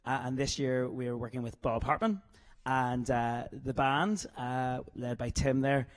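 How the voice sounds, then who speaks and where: A man's voice: mid-range voice, fairly even intonation, measured pace. A man with a Northern Irish accent chatting casually in an interview, jokey and self-deprecating, chuckling often. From Northern Ireland.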